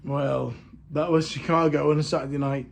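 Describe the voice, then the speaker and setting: A man's voice: fairly high pitch, fairly even intonation, normal speed, creaky. A man in a casual travel vlog, talking in a chatty, jokey, self-deprecating way, sounding tired. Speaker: vlogger. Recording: loud street and crowd noise.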